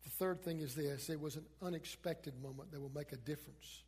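A high-pitched male pastor preaching in a husky voice. His sermon swings between emphatic peaks and hushed passages. The voice rings with the long reverb of a large hall. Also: a little fast.

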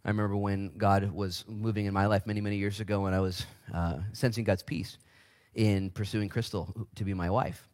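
Animated male pastor preaching. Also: brisk. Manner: animated, shifts into high voices for quoted people. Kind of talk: sermon.

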